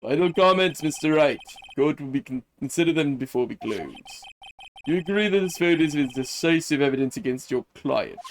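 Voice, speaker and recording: A man's voice: fairly high pitch, animated, moderate pace, a little hiss or hum. A man reading as a stern courtroom judge. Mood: formal. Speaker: player reading game dialogue aloud.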